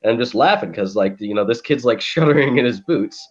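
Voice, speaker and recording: A man co-hosting a podcast, telling a story in a profane, animated way and acting out quotes. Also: medium pitch, brisk, dull audio, a little hiss or hum. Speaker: podcast co-host. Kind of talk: casual chat.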